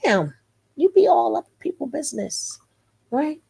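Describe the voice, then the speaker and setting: A woman's voice: sits high, sing-song, moderate pace, creaky, mellow. A woman hosting a live stream in a casual chat style, playful and teasing as she greets viewers by name. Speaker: livestream host.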